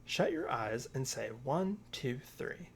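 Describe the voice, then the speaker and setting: A man's voice: medium pitch, big pitch swings, slow pace, gravelly, a little hiss or hum, heavily acted. A man reading a storybook aloud, voicing a blunt, doubtful male cat. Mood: urgent.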